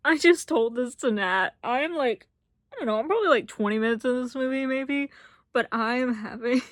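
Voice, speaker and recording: A woman's voice: high-pitched, moderate pace, no echo, clean studio sound. A young woman from Appalachia, chatting casually and gushing about books in a reading vlog. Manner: chatty, gushing and self-deprecating. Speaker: book vlogger. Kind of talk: casual chat.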